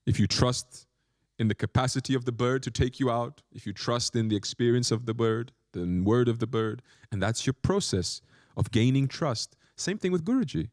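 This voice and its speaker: Animated male monk giving a lecture. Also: medium pitch, normal speed, no room sound, studio quality. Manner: animated storytelling with questions to the audience. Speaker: monk teaching spirituality. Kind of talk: spiritual lecture.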